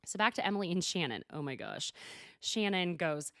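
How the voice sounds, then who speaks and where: A woman's voice: lowish voice, big pitch swings, moderate pace, pushed and bright, no echo, clean studio sound. A woman hosting a podcast, recapping a reality show in a gossipy, casual way with laughs and swearing. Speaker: podcast host.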